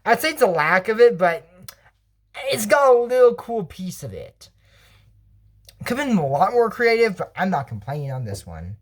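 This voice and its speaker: A woman's voice: mid-range voice, very animated, normal speed. A woman hosting casual commentary on a cartoon episode, talking in a rambling, digressive way and often correcting herself mid-sentence. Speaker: channel host reviewing a cartoon.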